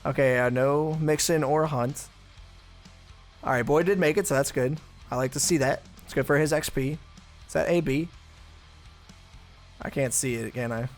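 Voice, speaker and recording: This gaming channel host has a mid-range voice at normal speed and pauses often, with faint music in the background. He talks through his own football video game play casually and chattily, thinking out loud and dropping blunt asides.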